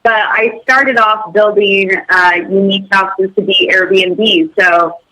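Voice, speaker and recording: A woman's voice: mid-range voice, steady tone, takes it slowly, sharp tone, rough recording. A woman guest on a radio show, telling her story in an upbeat, chatty way. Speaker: guest, hotel owner. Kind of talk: radio interview.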